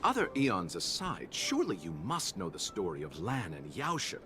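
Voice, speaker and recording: A man's voice: lowish voice, wildly swooping pitch, moderate pace, music in the background. An actor playing a refined, courteous male merchant with an amused, polite way of speaking in a game cutscene. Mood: suave. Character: suave polite male merchant carrying a coffin. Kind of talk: video game cutscene dialogue.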